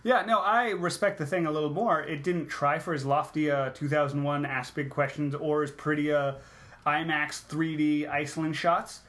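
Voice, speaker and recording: A man co-hosting a casual movie review chat, sarcastic and quick to act out lines from the film in put-on voices. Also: on the high side, steady tone, a bit bright. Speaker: podcast co-host.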